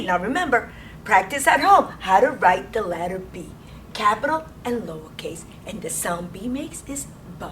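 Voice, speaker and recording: A woman teaching preschoolers in a classroom, talking in an animated, sing-song way and gasping with excitement. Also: medium pitch, normal speed, distant mic, slight background noise. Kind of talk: children's lesson.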